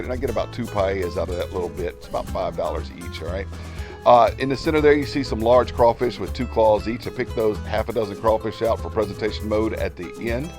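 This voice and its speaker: A middle-aged man with a fairly low voice talks his viewers through a recipe. His delivery is folksy and rambling, and he keeps tossing in a quick "all right?". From Louisiana, USA. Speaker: cooking channel host. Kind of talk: casual cooking video talk.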